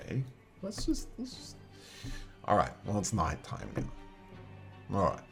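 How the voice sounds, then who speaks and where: Reading game text aloud and talking with his chat, a chatty male game master works through a solo tabletop adventure book. He has a deep, creaky voice with a slightly mellow quality.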